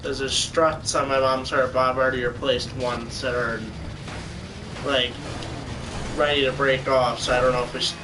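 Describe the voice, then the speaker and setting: A man's voice: medium pitch, level tone, moderate pace, distant mic. Young man chatting over noisy gameplay. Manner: offhand, jokey, mock-dramatic. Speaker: gamer. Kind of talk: casual chat while gaming. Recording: noisy game audio behind.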